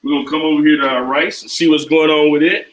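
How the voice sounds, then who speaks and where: Male cooking host, slightly high, loose and repetitive, heard from a distance in a roomy kitchen. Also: steady tone, quick pace, slight background noise. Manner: loose, repetitive, chanting phrases. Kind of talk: casual cooking demo. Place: home kitchen. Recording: echoey kitchen, mic at a distance.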